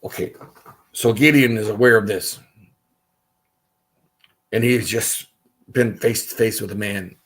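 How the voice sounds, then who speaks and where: A man with a low, slightly husky voice leads a relaxed Bible study on a livestream. He reads passages aloud and stops for conversational side comments. The sound comes from a computer mic. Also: measured pace, pauses often, poor audio.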